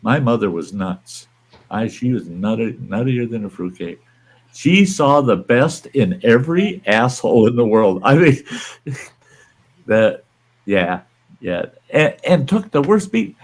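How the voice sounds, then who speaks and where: A man's voice: mid-range voice, sing-song, slow, husky. An older man hosting a livestream, telling a story in a blunt, folksy, profane way. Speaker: livestream host. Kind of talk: casual storytelling.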